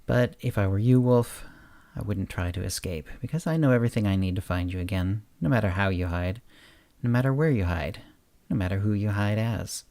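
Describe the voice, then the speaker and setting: A man reading a story aloud, voicing a calm, confident man who taunts a prisoner. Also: on the low side, fairly quick, no echo, lightly acted. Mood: calm menacing.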